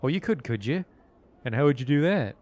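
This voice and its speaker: A man reading out a huge, gruff male dock foreman in a video game, talking brusquely and scornfully. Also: mid-range voice, animated, fairly quick, a little mellow, voice pushed up, close to an everyday voice. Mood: curt.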